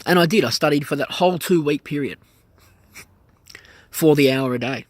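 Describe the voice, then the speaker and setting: A man telling a personal story in a casual vlog, animated and acting out the voices of people in it. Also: fairly high pitch, normal speed, no room sound. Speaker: vlogger, pilot.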